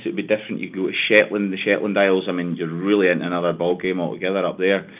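A man's voice: low-pitched, racing, few pauses. A man with a Scottish accent from Argyll, a dialect coach talking enthusiastically as an interview guest. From Scotland. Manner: enthusiastic, animated, slips into dialect imitations. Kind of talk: casual interview over the phone. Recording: tinny phone line.

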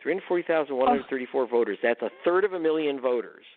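A man's voice: medium pitch, animated, quick pace. A man interviewed as a guest author, telling his story in an emphatic, punchy way. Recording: tinny phone line.

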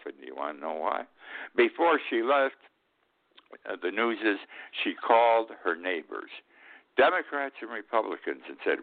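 A man's voice: fairly low pitch, very animated. Blunt, sarcastic older man on tinny radio. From upstate New York. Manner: blunt, sarcastic, drawn-out emphasis with frequent "okay?". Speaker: radio talk show host. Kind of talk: opinionated commentary monologue. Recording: tinny phone-like radio audio.

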